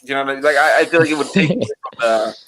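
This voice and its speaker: A man hosting a casual chat, rambling and animated, with plenty of fillers. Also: mid-range voice, rapid-fire, a crowd in the background. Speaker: host.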